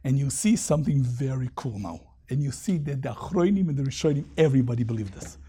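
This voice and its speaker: A man teaching a Talmud lesson, reading Aramaic passages and explaining them in lively English. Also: mid-range voice, fast, slightly rough.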